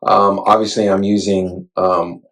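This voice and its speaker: A middle-aged man casually vlogging about camera gear, chatty and self-deprecating, retelling his excitement, on a clip-on mic. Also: low voice, unhurried, rough recording. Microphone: wireless clip-on mic.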